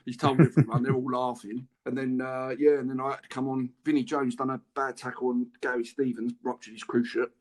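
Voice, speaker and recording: A man's voice: mid-range voice, level tone, fairly quick, few pauses, darkish tone. A middle-aged English man, a former footballer, telling stories chattily and laughing through his anecdotes in a podcast interview. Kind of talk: casual storytelling interview.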